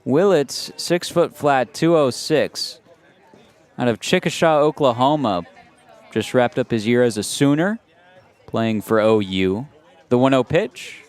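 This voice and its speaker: A man's voice: medium pitch, unhurried, clean tone. Man calling baseball play-by-play on radio. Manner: calm pace that rises to excited shouting on big plays. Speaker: play-by-play announcer.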